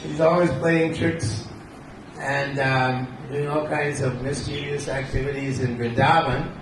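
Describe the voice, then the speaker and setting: An older man giving a devotional storytelling lecture, animated and chuckling. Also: medium pitch, unhurried. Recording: echoey room, distant mic, noisy.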